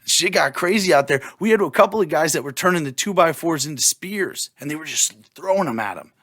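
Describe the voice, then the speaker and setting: A man's voice: on the high side, animated, a little fast, fairly bright tone, dry recording, clean studio sound. A young man hosting a solo podcast, rambling through profane, jokey stories in casual chat. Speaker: podcast host.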